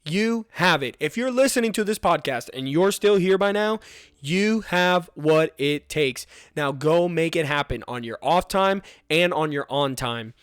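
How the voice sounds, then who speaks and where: A man's voice: on the high side, expressive, unhurried, clear, resonant tone, no echo, clean studio sound. A young man hosting a podcast about his fire recruit training, giving an earnest, emphatic motivational talk that repeats rallying commands.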